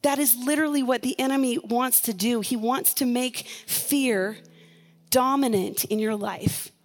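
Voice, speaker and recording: A middle-aged woman pastor delivers a sermon in a high, bright-pitched voice. She preaches with earnest urgency and weaves personal stories into her message. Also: a little slow.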